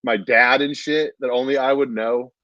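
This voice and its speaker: A man's voice: mid-range voice, steady tone, moderate pace, a bit bright, no room sound. A man, a stand-up comedian, telling a rambling story in casual chat, with plenty of "like" and "dude". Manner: rambling, says "dude" constantly, many fillers. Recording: dull lo-fi dry sound.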